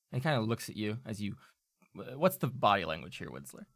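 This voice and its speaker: A man's voice: on the low side, sing-song, normal speed, vocal fry, a bit bright, no room sound, studio quality. A man narrating a tabletop game as game master, loose and full of fillers.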